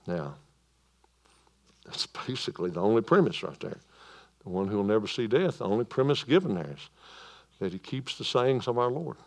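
A man preaching a sermon in a church, moving between loud proclamation and quiet calm. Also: fairly low pitch, normal speed, gravelly, pauses often. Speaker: pastor.

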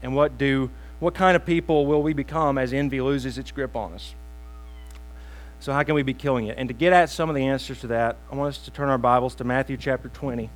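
A man's voice: medium pitch, fairly even intonation, rough recording. Man preaching a sermon over hum. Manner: storytelling with pauses, self-deprecating asides. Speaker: pastor.

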